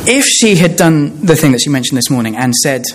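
A man preaching a sermon, explaining a passage in a measured way with frequent hesitations and restarts. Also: a little high, expressive, a little hiss or hum.

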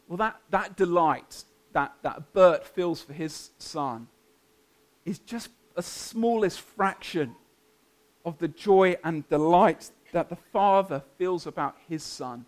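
A man preaching a sermon, earnest and emphatic, building up and then softening to a quiet close. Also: a little high, expressive, slow. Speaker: pastor.

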